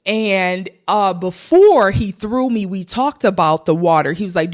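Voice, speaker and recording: A woman's voice: mid-range voice, normal speed. A young woman vlogging, telling a travel story casually and animatedly to her viewers. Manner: animated, addresses viewers as y'all.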